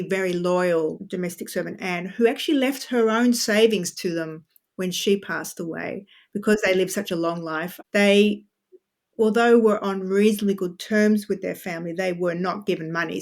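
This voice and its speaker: A woman author, a podcast guest, explaining history in a chatty, animated way with frequent asides. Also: on the low side. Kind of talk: podcast interview.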